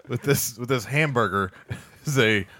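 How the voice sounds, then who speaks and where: A man's voice: medium pitch, normal speed, pushed and bright. A man co-hosting a casual podcast chat, teasing the others and joking around. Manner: teasing, jokey, laughs. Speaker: podcast co-host.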